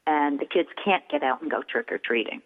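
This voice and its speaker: Middle-aged shop-owner guest, lively explainer, heard over a tinny line. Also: female voice, deep voice, a little fast, gravelly. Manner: animated, explains with acted-out examples. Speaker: toy store owner, guest. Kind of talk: radio interview. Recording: tinny phone line with long reverb.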